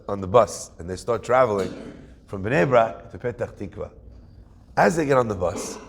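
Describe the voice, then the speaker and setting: A man's voice: mid-range voice, vocal fry. A man, a rabbi, telling a story in a Torah class, acting out the dialogue of each character.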